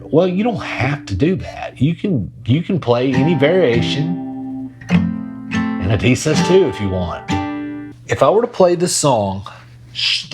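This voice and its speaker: A man gives a casual guitar lesson in a slow, relaxed way. His voice sits at an ordinary middle pitch, and he keeps talking as he demonstrates. His acoustic guitar rings clearly behind his words. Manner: laid-back, talks while playing guitar. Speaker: guitar teacher. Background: his own acoustic guitar playing.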